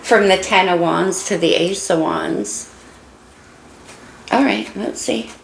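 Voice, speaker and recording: A woman's voice: on the low side, lively intonation, slow, gravelly, echoey room, slight background noise, rough recording. A woman giving an encouraging, emotional tarot reading while losing her voice. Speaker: tarot reader.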